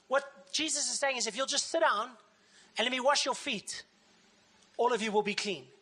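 A woman pastor preaching a sermon in a lively way, often acting out the voices of the people she quotes. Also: on the high side, fairly quick, slightly rough.

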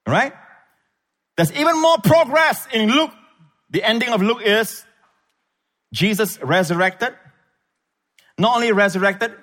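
A man preaching a sermon as pastor, emphatic, swinging between loud peaks and low asides. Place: church.

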